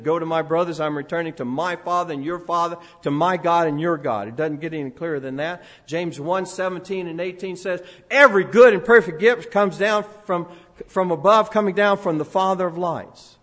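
An older man preaching a sermon in a church, swinging between loud proclamation and quiet asides. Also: on the high side, moderate pace. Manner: sings a few lines of a song. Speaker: pastor. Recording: long hall reverb.

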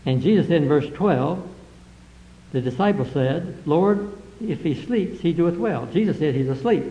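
Male preacher, higher-pitched voice, Bible-reading sermon delivery, echoey lo-fi recording. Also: lively intonation, moderate pace, dark tone. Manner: reads scripture aloud verse by verse, then explains it plainly; old-fashioned King James phrasing in quotes.

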